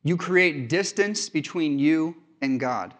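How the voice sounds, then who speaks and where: A male pastor preaching in a slightly high-pitched voice. He speaks conversationally and earnestly, weaving stories from home life into his sermon. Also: lively intonation, slow pace, fairly bright tone. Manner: conversational storytelling from family life.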